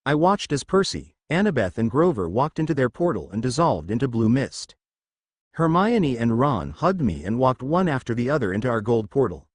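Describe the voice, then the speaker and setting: Man narrating fan fiction, lively pitch. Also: moderate pace, no echo. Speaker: story reader.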